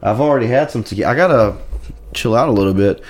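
A young man co-hosting a casual comedy podcast, goofy and quick to laugh, often slipping into silly voices. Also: mid-range voice. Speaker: podcast co-host.

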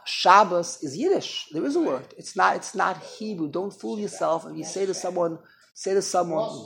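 A man's voice: high-pitched, normal speed, creaky. A man teaching an informal Torah class, chatty and digressive, making fun of himself. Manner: digressive, chatty, self-deprecating.

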